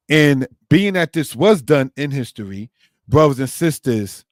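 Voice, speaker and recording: A Torah teacher with a mid-range, darkish voice gives a scripture lesson on a dry recording. He reads passages aloud, comments on them, and often addresses his listeners as brothers and sisters.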